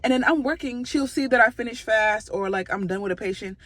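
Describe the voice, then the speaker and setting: Young woman vlogger, high-pitched and a bit husky; casual, animated storytelling that acts out the people in it. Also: fairly quick, few pauses, no echo. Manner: animated, swears freely, acts out quotes. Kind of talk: storytime vlog, casual venting.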